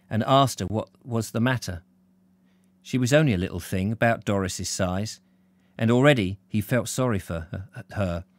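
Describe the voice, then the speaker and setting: A man's voice: on the low side, no room sound. Man reading a novel aloud. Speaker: reader of a novel. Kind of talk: live audiobook reading.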